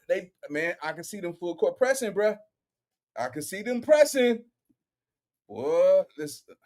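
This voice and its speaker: Reaction host: man, very high and bouncy voice, loud and teasing, slangy casual commentary. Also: unhurried, long pauses. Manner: excitable, teasing, loud exclamations and laughter; repeats slangy tags like "boy" and "bro".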